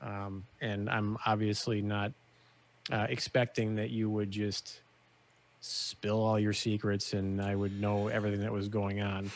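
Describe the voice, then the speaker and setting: A man playing a tabletop game in character, talking diplomatically with hesitant pauses. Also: lowish voice, level tone. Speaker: player. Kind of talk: in-character role-play.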